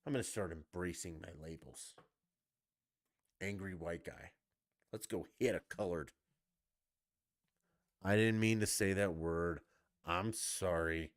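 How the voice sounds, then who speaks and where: A man's voice: sits low, slow pace, long pauses, no room sound, clean studio sound. A man on a live stream, ranting heatedly with heavy profanity about his sports team. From Denver.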